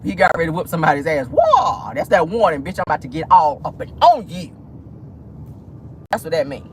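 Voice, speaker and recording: A woman's voice: deep voice, quick pace, a little hiss or hum, rough recording. A woman vlogger giving casual, sassy celebrity gossip commentary from inside a car, dropping 'honey' and 'baby' into her talk. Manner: sassy, drawling, full of 'honey' and 'baby' asides.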